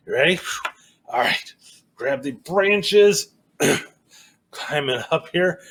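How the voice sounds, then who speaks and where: Slow sing-song man leading a story walk. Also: a little high, lively intonation. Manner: sing-song chanting with playful exclamations. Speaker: storyteller for children. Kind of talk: chanted participatory story walk. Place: outdoors in a cornfield and woods.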